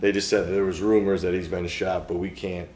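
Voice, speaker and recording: A young man with a low, slightly mellow voice tells his story as a shooting survivor in a casual interview, speaking a little fast with little pitch movement. He rambles in slang and acts out what people said to him, in a roomy recording with faint music.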